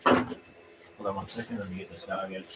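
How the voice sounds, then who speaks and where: A man hosting a live stream from home, telling a long story in a rambling, halting way and circling back. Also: deep voice, very animated, vocal fry, very noisy.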